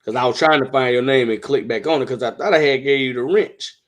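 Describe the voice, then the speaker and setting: A man hosting a live stream, chatting in a relaxed, talky and animated way. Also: medium pitch, fast talker. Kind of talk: casual chat on a live stream.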